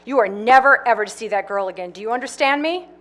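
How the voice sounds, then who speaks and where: A woman's voice: fairly high pitch, quick pace, lightly acted. A woman reading the part of a scheming, domineering woman in a play, bossy and insistent. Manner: bossy, insistent, rising to shouts.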